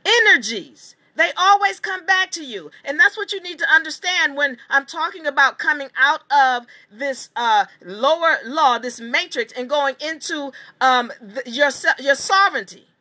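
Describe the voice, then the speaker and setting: A woman teaching a seminar, telling a long story in an emphatic, animated way and swearing casually. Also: high-pitched, moderate pace, hardly any pauses. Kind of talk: storytelling lecture.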